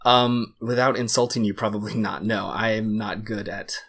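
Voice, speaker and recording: A man in his twenties from the United States, an easygoing podcast guest talking filmmaking with measured pauses. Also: lowish voice, steady tone, a bit bright, slightly rough. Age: 20s. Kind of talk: casual interview chat.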